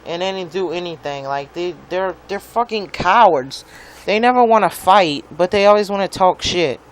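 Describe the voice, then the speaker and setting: A young man with a high-pitched, animated voice rants angrily to the camera at a normal pace, swearing and rambling about his neighbors. The vlogger fills his complaints with "like" over and over.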